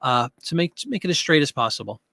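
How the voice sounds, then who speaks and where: A man's voice: a little high, animated, fast, vocal fry, sharp tone, no room sound. A man hosting a casual live stream, chatting loosely as he reads out viewer comments and answers them. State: out of breath.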